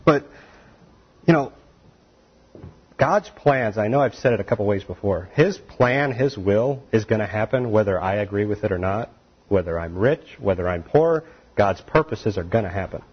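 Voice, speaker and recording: A man preaching a sermon in an animated, conversational way, with asides and laughs. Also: fairly low pitch, moderate pace, husky, dull audio.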